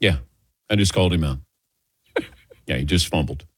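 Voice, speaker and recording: A man's voice: low voice, normal speed, slightly rough, no room sound, studio quality. A man hosting a sports talk radio show, chatting casually and teasing his co-hosts.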